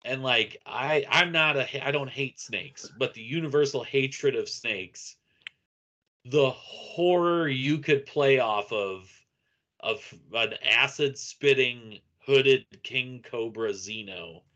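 A man co-hosting a casual movie chat, rambling and animated, laughing at his own jokes. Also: medium pitch, slow, highs cut off. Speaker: podcast co-host.

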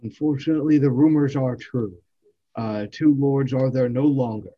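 A man's voice: mid-range voice, moderate pace, slightly rough, natural voice. A man playing a grave dwarf lord who pleads for his people in a solemn, earnest way, heard over a lo-fi remote microphone.

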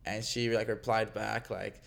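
A man's voice: on the low side, flat delivery, measured pace, vocal fry, a bit bright. A young man, a podcast guest, telling a dating story in casual chat with lots of filler words. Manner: rambling storyteller, many fillers.

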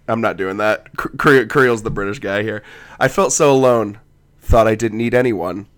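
A laid-back man co-hosting a comedic podcast, dry and wry as he talks. His voice sits on the low side, and he is getting over a cough. He reads aloud in the same easy tone. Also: a bit bright. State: has a lingering cough. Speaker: podcast co-host. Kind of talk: casual comedic chat and reading a poem aloud.

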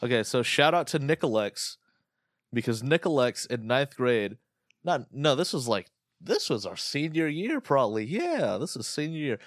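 A man's voice: medium pitch, sing-song, no room sound. Man, crude joking banter, close dry sound. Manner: crude, joking, fast storytelling. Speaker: podcast co-host. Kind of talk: casual chat.

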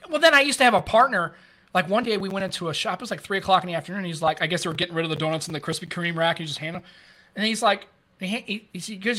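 A man in his fifties tells stories in loose, casual chat, swearing freely along the way. His voice sits high and bright, and he talks quickly. He comes across as an animated storyteller. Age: 50s. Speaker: former police officer.

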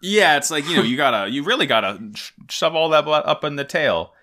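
A man's voice: a little high, brisk. A man co-hosting a podcast, chatting casually with lots of laughter and playful enthusiasm. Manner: animated, laughing, jokey fan enthusiasm. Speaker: podcast co-host. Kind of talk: casual chat.

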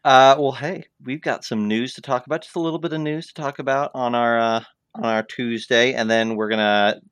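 A man hosts a relaxed podcast chat in an upbeat, easygoing way. His voice sits in a middle pitch. The sound is close and dry. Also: brisk, clean tone, no room sound. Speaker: podcast host.

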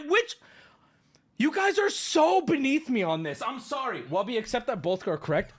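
A man's voice: very high voice, very animated, moderate pace. A man streaming live, ranting at his chat in an exasperated, profane, argumentative way. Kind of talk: livestream rant to chat.

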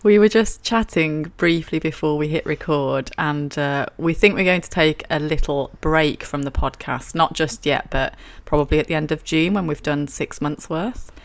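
A woman with a low voice hosts a podcast in casual chat. She teases and giggles with her friend as she talks. The sound is close and dry. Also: moderate pace, hardly any pauses, dry recording. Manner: chatty, giggly, teasing. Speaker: podcast host.

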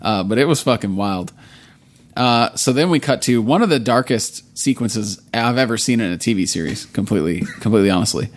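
A man's voice: lowish voice, animated, a little fast. A man casually recapping a TV episode, rambling and swearing a lot, filling his speech with "like.". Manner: profane, rambling, lots of "like". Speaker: podcast co-host.

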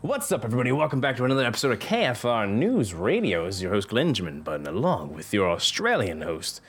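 Laid-back low-voiced male podcast host. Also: quick pace, loud music behind the voice. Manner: rambling, relaxed, laughs often. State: tired. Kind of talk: casual podcast chat.

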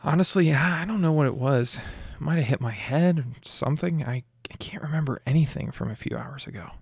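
A man voicing a young woman witch in an audiobook, speaking softly and hesitantly with stammers. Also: on the high side, a little fast, slightly rough, no room sound, clean studio sound, pitched above the performer's own voice. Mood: unsettled.

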